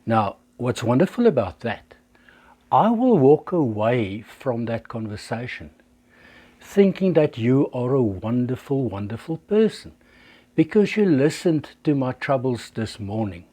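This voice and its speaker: A life coach in his 60s teaches social skills in a talk to camera, acting out little example dialogues to illustrate his points. His mid-range voice is very animated yet mellow, and he speaks unhurriedly.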